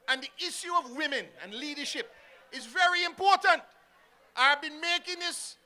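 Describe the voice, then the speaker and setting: An Antiguan man addresses an outdoor rally through a handheld mic, rousing the crowd with rhetorical questions. His voice sits very high and rings with a sharp, forceful edge. He talks in the cadence of a seasoned campaign speaker. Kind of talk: political rally speech.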